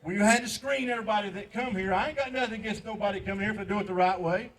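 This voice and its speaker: Older male veteran, high voice, preachy and impassioned, distant outdoor recording. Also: very fast, a bit bright, a little hiss or hum. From United States. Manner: preachy, pleading, repeats lines for emphasis. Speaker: veteran speaker at a memorial ceremony. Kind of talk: impassioned patriotic speech. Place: outdoor memorial park.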